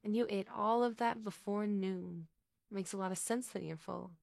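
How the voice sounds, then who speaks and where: A woman voicing a teasing man who keeps pressing with mock-gentle questions, in a story reading. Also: medium pitch, moderate pace, vocal fry, no echo, studio quality, natural voice.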